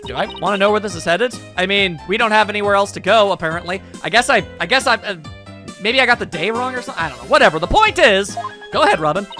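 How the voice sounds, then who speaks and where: A man's voice: high voice, expressive, fast talker, sharp tone. Wry, hesitant man playing a game. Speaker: let's play player. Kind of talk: casual game commentary. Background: game music.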